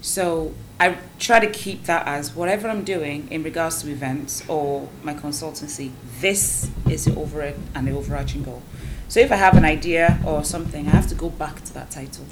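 A middle-aged woman, a guest entrepreneur, chatting casually and telling animated stories full of quoted voices. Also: sits low, normal speed, noisy background. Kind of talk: casual podcast chat.

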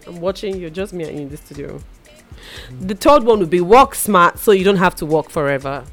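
A young woman hosting a casual studio chat, playful and quick to laugh. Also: fairly low pitch, expressive, faint music behind. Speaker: host.

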